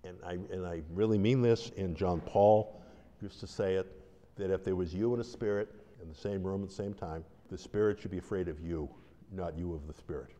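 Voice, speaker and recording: A deliverance minister gives an informal teaching talk, conversational and rambling, with restarts, stories and acted-out quotes. His voice is low, warm and brisk, with fairly even intonation. The recording has a long hall reverb.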